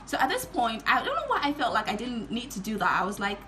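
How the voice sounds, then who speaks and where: A young woman telling a story to her viewers in a casual vlog, giggling and animated as she talks. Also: on the high side, fast. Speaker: vlogger.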